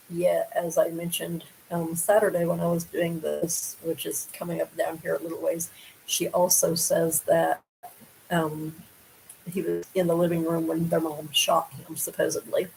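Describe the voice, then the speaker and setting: Woman, true-crime host, gravelly voice, monotone, casual commentary, questioning. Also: on the low side, a little hiss or hum, poor audio. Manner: conversational, questioning the story aloud with frequent asides.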